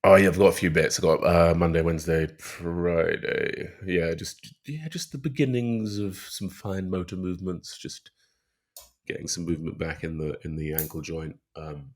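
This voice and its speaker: Deep-voiced, laid-back young male rugby player. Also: normal speed. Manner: laid-back, hedging with fillers. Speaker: rugby player and podcast regular. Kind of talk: casual rugby podcast chat.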